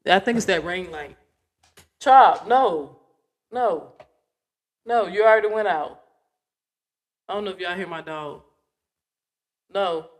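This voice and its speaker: A woman in her forties hosts a casual livestream, chatting with viewers and playfully coaxing her dog. Her voice is lowish, and she speaks slowly with long pauses.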